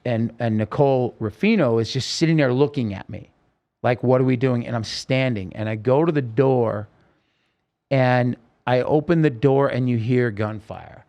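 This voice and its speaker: A man with a mid-range, slightly mellow voice shares a personal story as a podcast guest, speaking at a moderate pace. He tells it with vivid intensity in this interview, voicing the lines of the people involved.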